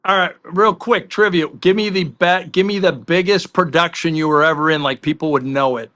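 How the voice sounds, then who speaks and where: A man's voice: fairly high pitch, normal speed, fairly bright tone. A middle-aged man co-hosting a podcast, telling rambling anecdotes in casual chat. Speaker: podcast co-host.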